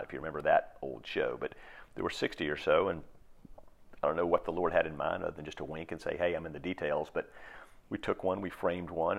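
A man in his sixties preaching a sermon in a reflective, halting way, with pauses and restarts. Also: a bass voice, vocal fry. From United States. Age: 60s. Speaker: pastor.

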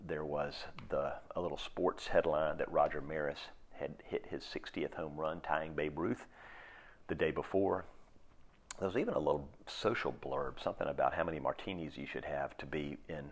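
Deep gravelly man in his sixties preaching. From United States. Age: 60s. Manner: reflective, halting, with drawn-out pauses. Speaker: pastor. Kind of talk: sermon.

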